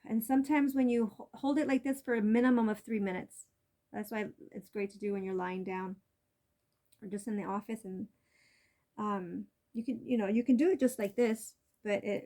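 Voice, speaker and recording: A woman's voice: mid-range voice, steady tone, moderate pace, dark tone. A woman hosting an energy medicine vlog, explaining tapping and breathing techniques in a casual, rambling way with lots of fillers. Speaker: energy medicine channel host.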